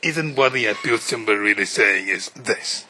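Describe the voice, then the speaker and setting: A man questioning counsel from the bench as a judge, deliberate and probing. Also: on the low side, expressive, sharp tone, slight background noise, low-quality recording. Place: courtroom.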